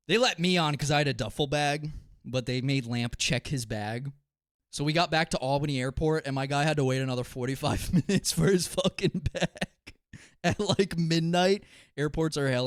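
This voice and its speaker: A young man streaming, ranting casually and profanely to his chat, swinging from low muttering to loud exasperated outbursts. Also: no echo, studio quality.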